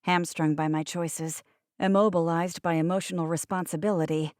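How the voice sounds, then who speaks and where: A woman narrates a first-person audiobook in a low-set voice, dropping wry, sardonic asides. The close studio recording is bone dry. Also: fairly even intonation, moderate pace, a little mellow, no room sound.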